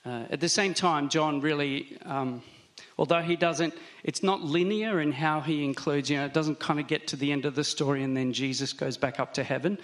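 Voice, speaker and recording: Man preaching in a relaxed, conversational way. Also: fairly high pitch. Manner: conversational, reflective, with slow emphatic stresses. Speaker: pastor. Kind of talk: sermon.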